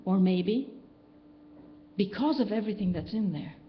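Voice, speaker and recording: A woman's voice: mid-range voice, expressive, moderate pace. A woman minister giving a sermon in a conversational way, often asking the congregation questions. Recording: dull, lo-fi live-stream recording with faint background noise.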